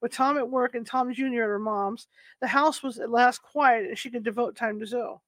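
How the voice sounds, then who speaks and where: A woman reads an audiobook in a steady voice, with the occasional slip and restart. Her voice sits a little high and the recording is close and dry. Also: normal speed, no echo. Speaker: audiobook narrator. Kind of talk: audiobook narration.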